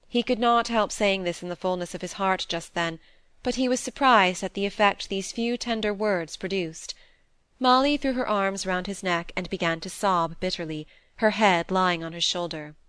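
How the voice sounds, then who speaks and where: A woman narrating a classic novel in a calm, measured storytelling voice. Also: medium pitch, clean tone, dry recording. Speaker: audiobook narrator.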